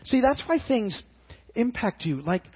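A middle-aged male pastor preaches in an earnest, halting way, his high voice husky and slightly rough. He stumbles and repeats words as he builds his point. The audio is muffled and lo-fi. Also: sing-song. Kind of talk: sermon.

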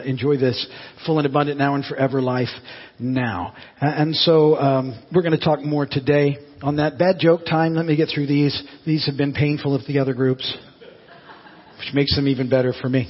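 Pastor guy giving a sermon, kinda husky, folksy, big echoey church hall. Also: mid-range voice, steady tone, normal speed, lo-fi sound. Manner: folksy, tells corny jokes then teaches.

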